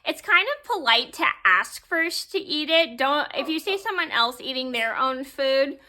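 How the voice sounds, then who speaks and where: A woman's voice: sits high, expressive, normal speed, bright, forceful tone. A woman vlogger telling a story to camera in a casual, rambling way with many fillers. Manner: rambling, filler-heavy, easily sidetracked.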